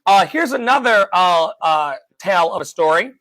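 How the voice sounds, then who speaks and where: A man hosting a livestream talk show, reading aloud and breaking off for chatty, animated asides to his co-host. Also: high-pitched, moderate pace, no room sound. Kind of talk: casual commentary, reading aloud.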